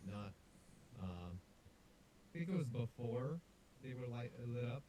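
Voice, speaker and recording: A man's voice: mid-range voice, big pitch swings, unhurried, dark tone, a little hiss or hum. A man playing a game as a guest, chatting casually in a laid-back way and laughing easily. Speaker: guest player. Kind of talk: casual chat while gaming.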